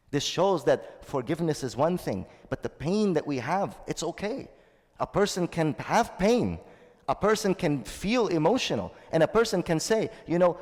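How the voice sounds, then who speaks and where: A man's voice: a little high, big pitch swings, normal speed, darkish tone. Man, shaykh, sermon, earnest, repeats points, Arabic recitation, long reverb. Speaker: shaykh giving a Ramadan talk.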